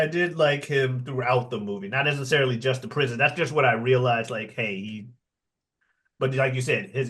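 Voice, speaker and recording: A man chatting about a film he just watched, with a middling voice at an everyday pitch. He laughs a lot and drops into mock voices to quote scenes, talking over a video call. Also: fairly bright tone. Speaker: movie reaction podcast co-host. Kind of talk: casual movie chat over a video call.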